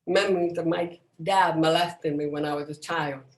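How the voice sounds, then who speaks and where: A middle-aged woman giving a personal motivational talk, emphatic and dramatic, with deliberate pauses, over a video call. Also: sits low, fairly even intonation. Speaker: motivational speaker. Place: indoors, at home on a video call. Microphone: video call microphone. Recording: roomy echo.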